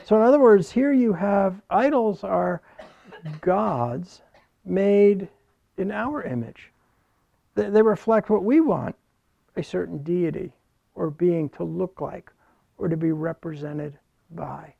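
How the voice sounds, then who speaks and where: A man's voice: sits high, slow pace, vocal fry, long pauses, dark tone, no room sound, lo-fi sound. A man preaching a sermon, explaining a scripture passage and reading verses aloud in an earnest teaching manner. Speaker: pastor.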